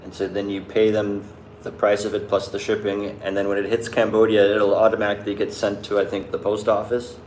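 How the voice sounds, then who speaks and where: A young man talks loosely to his viewers, his voice sitting a little low. He drifts and restarts, stringing thoughts together with "like." The room is echoey, with a faint hiss behind him. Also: completely flat delivery, brisk, a little mellow. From Canada. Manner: rambling, loose, many likes and restarts. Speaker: vlogger answering live chat. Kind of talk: casual chat.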